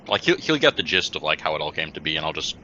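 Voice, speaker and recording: A man with a very low but bright, lively voice describes his character's actions with stumbling repetitions. The recording is dull and lo-fi, with faint noise behind. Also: fast. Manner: hesitant, repeating words as he talks. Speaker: player. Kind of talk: casual tabletop game play.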